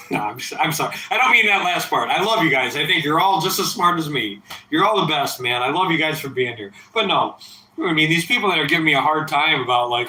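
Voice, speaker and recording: A man's voice: on the high side, lively intonation, a little fast, pushed and bright, reverberant, low-quality recording. A man in his thirties streaming late at night, drinking and a bit tipsy, talking in a profane, rambling, defiant way. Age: 30s. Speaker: livestreamer. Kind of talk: casual late-night livestream chat.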